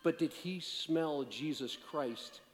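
A pastor with a voice a little high for a man preaches slowly in a hall with a long echo, with slight background noise. His sermon weaves in personal stories, rising to emphatic, driving points and then dropping to a hushed, joking, conversational tone. His warm humor is plain-spoken and self-deprecating.

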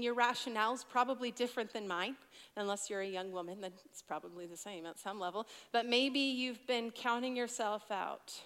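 A woman's voice: medium pitch, a bit bright. A young woman in her twenties preaching as a youth pastor, telling stories conversationally with asides to teenagers. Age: 20s. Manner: conversational storytelling with asides to teens. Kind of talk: sermon. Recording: long reverb of a large hall.

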